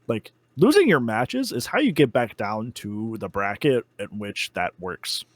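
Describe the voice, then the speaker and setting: A man talking as a guest on a casual gaming podcast, chatty and quick to laugh, with lots of "like" and "um". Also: lowish voice, very animated. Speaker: interview guest, expert game player.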